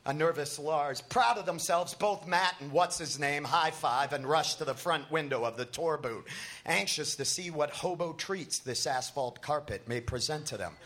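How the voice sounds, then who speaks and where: A comedian reading a comic story aloud at a comedy festival, narrating an absurd tale with a straight delivery. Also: male voice, fairly high pitch, moderate pace, sharp tone.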